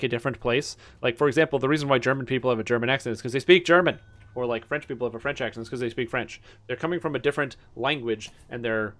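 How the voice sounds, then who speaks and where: A man's voice: medium pitch, a bit bright. A man streaming a game, chatting casually and rambling with many fillers. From Canada. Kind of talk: casual gaming chat.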